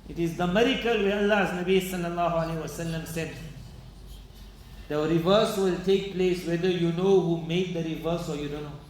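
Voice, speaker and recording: A man's voice: a little high, fairly even intonation, a little fast, darkish tone, slight background noise. A male imam preaching a sermon, earnest and dramatic as he retells stories with quoted dialogue. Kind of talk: sermon storytelling. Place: mosque. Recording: echoey mosque hall, faint ambience.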